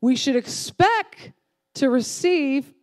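A woman pastor preaching a sermon, emphatic and repetitive, swinging from loud declarations to soft, slow lines. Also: high-pitched, lively intonation. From Texas family, Southern upbringing.

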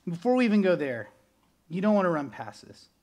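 A man preaching a sermon as pastor, animated, swinging between loud bursts and quiet, earnest stretches. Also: high-pitched, fairly quick, dull audio.

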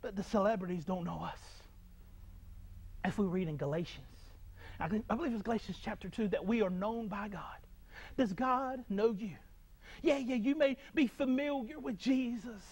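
A man delivering a sermon to his congregation in a very high voice. He preaches with fervor, repeating phrases and stumbling into quick restarts as he presses each point home. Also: a little mellow, husky.

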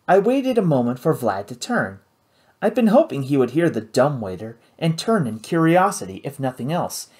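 A man's voice: a little high, a little mellow. A man reading a novel aloud as an audiobook narrator, telling the story expressively. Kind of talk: scripted narration.

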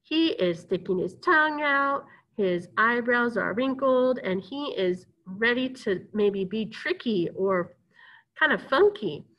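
A woman's voice: fairly high pitch, animated, takes it slowly, a bit bright, highs cut off. A woman teaching a recorded music lesson, cheerful, chanting rhythms and talking to pupils she cannot see. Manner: upbeat, chants rhythms and talks to unseen pupils.

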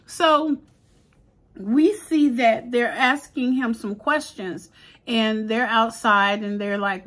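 A woman's voice: a little high, takes it slowly. Chatty woman recapping a TV episode. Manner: chatty, animated retelling with voiced-out quotes and slang. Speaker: TV episode reviewer.

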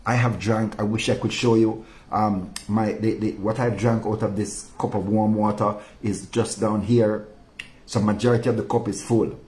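A man preaches a devotional sermon in a fairly low-pitched voice. He rebukes his listeners with passion, then sinks into quiet, weighty phrases for emphasis. His delivery is earnest and direct. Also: steady tone, moderate pace. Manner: impassioned, rebuking, drops low and soft for emphasis. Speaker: pastor.

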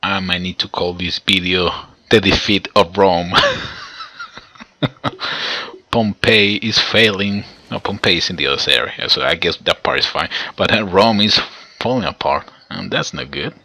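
Husky low-voiced man commentating gameplay. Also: unhurried. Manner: excitable, talks to viewers, chuckles often. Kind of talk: let's play commentary.

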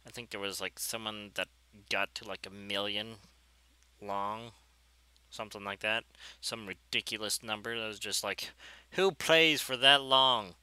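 Bright-voiced man commentating gameplay. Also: on the low side, normal speed, clear, resonant tone, no room sound, low-quality recording. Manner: rambling, self-deprecating, easily excited. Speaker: gameplay video creator.

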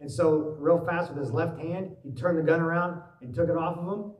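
A man preaching a sermon as pastor, telling stories in a lively way and acting out worried voices. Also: a little high, moderate pace, muffled recording. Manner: animated storytelling, acts out worried voices. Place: church sanctuary. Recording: echoey church hall, mic at a distance.

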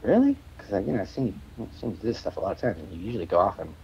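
A man's voice: low voice, racing, gravelly, a little mellow, dull audio, slight background noise. A man guest telling rambling stories in a casual interview, stammering, restarting and swearing freely. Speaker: musician guest.

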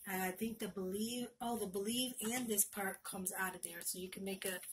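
A woman's voice: mid-range voice, steady tone, moderate pace, slight background noise, poor audio. Gushing woman opening happy mail. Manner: gushing, emotional, repeats herself. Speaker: crafting vlogger. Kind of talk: casual unboxing chat. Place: home.

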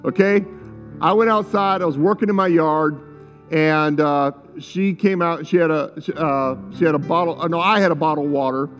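A man's voice: a little high, moderate pace, faint music behind. A middle-aged male pastor preaching a sermon in a church, fervent and repetitive, breaking into spoken prayers. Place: church sanctuary. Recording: muffled sound with long hall reverb.

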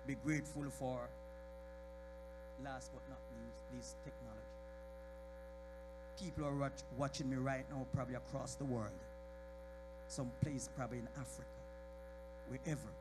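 In a very noisy church sanctuary, a man preaches with fairly even intonation at normal speed, pausing often. His sermon moves from quiet talk to shouted high points as he calls out congregation members by name.

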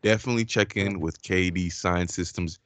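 A man's voice: sits low, normal speed, fairly bright tone, slight background noise. A man co-hosting a podcast, chatting casually and jokingly, with lots of slang. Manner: laid-back and joking, with slang like "man", "bro" and "yous". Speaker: podcast co-host. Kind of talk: casual chat.

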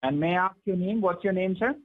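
A man's voice: sits high, quick pace, no room sound. A man answering as a call agent, working through scripted questions. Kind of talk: phone call. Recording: muffled phone line.

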